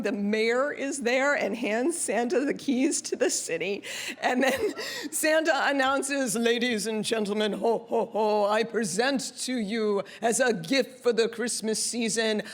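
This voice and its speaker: Woman telling a story on stage, chatty and lively, kinda high voice.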